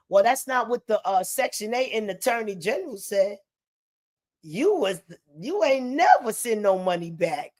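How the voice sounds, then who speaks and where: A woman from the United States, ranting heatedly to the camera at home and swearing freely, her voice rising into shouts. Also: mid-range voice, animated, normal speed. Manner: heated, profane, breaks into shouting. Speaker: vlogger. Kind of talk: angry direct-to-camera rant. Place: home in the Bronx.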